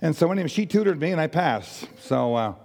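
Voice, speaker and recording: Gravelly older man in a reverberant hall. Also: fairly high pitch, animated, a little mellow. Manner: halting, earnest storytelling with many restarts. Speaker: speaker giving testimony. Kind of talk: personal testimony.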